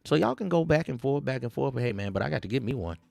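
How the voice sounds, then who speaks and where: A man hosting a livestream, ranting in casual street slang, preachy and animated, with frequent repeats. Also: medium pitch, fast talker, vocal fry, no echo, soft background music. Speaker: livestream host.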